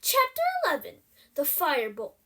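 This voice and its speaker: A woman reading a novel aloud in an expressive storytelling manner. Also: high voice, moderate pace. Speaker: reader.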